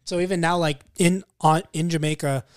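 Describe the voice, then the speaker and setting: A man's voice: on the high side, steady tone, normal speed, clear, resonant tone, no echo, studio quality. A man co-hosting a podcast, chatting casually, swearing and joking while he explains things. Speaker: podcast co-host. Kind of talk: casual chat.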